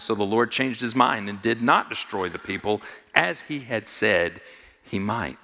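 Speaking in a large hall, a pastor delivers a sermon in which he repeats key phrases, questions his congregation, and moves from soft, low-voiced asides to loud, high-pitched appeals.

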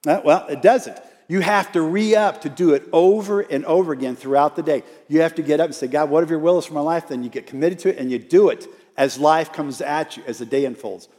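A man delivering a storytelling sermon in a church, his voice sitting a little high. It rings out with a long hall reverb behind it. He draws the congregation in and has them repeat key lines with him. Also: brisk, few pauses, darkish tone. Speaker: outreach minister. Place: church sanctuary.

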